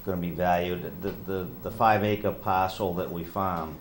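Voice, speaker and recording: A man's voice: low-pitched, fairly even intonation, moderate pace. A man, a local resident, asking the board hesitant questions at a public meeting and restarting them as he goes. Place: town hall meeting room. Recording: roomy hall with background noise.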